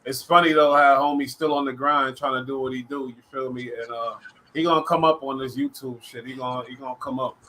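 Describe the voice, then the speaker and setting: A man hosting a casual live-stream chat, talking in a laid-back, slang-heavy way and giving shout-outs to his chat. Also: mid-range voice, steady tone, a little fast, low-quality recording. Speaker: livestream host.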